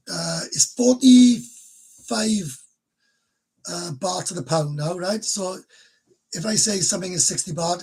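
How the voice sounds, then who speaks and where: Chatty husky Welsh man in his fifties. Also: sits high, darkish tone. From Wales. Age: 50s. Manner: chatty and emotional, laughs between sentences. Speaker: livestream host. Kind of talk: casual livestream chat. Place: bedroom.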